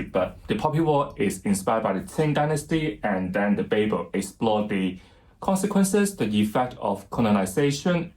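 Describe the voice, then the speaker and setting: A man giving a casual bookshelf tour as a book vlogger, chatty and self-deprecating, pausing now and then to recall titles. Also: on the low side, darkish tone, poor audio. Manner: chatty, self-deprecating, laughs lightly at himself; pauses to recall titles and names.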